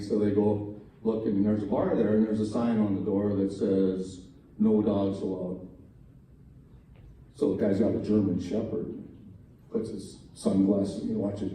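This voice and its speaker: A man tells jokes at a talent show in an easy, folksy storytelling way, slipping into small voice shifts for each character. His voice is low and very mellow. He is heard from far off in a strongly echoing hall, with faint room noise behind him. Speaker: joke teller at a college talent show. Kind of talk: stand-up joke telling. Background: faint room ambience, audience laughs.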